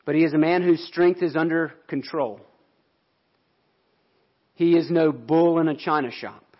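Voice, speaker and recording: A man's voice: fairly high pitch, fairly even intonation, measured pace, dull audio. A man pastor delivering a sermon in an earnest, explanatory way.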